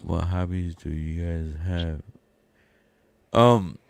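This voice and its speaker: A young man co-hosting a casual livestream, talking loudly and joking, peppering his talk with slang like bro and fool. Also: sits low, slow pace, creaky, no echo. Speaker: podcast co-host. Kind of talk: casual banter on a collectors' livestream.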